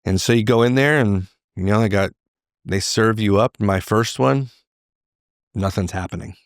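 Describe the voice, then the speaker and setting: A middle-aged man, a podcast guest, telling a candid personal story in an animated way. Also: lowish voice, moderate pace, no echo, studio quality. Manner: animated, acts out quoted voices.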